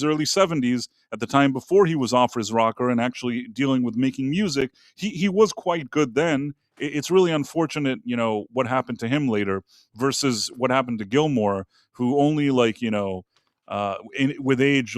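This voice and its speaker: A man's voice: mid-range voice, no room sound, clean studio sound. A man hosting a casual live-streamed talk show, giving blunt, opinionated takes with some profanity as he rambles from topic to topic. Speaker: podcast host.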